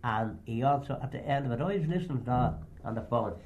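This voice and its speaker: An older man reminisces about old pranks in a rambling, anecdotal way. His pitch sits squarely in the ordinary male range, and he slips into the voices of the people he quotes. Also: lively intonation, fast talker, a little mellow, highs cut off. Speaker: storyteller. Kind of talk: oral history reminiscence.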